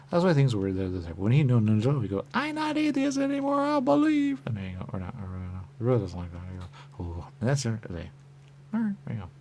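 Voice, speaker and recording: A man's voice: low-pitched, gravelly, mellow, slight background noise. A man talking in a rambling monologue who keeps repeating the same stock phrase and drifts into whispers. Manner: repetitive, keeps saying "there you go", drifts into whispers. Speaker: radio talk host. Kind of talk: rambling stream-of-consciousness monologue.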